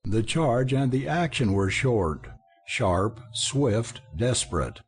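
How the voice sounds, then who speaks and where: A man's voice: mid-range voice, very animated, slow, breathy edge. A man narrating an audiobook in a wry, theatrical storytelling manner. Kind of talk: scripted narration.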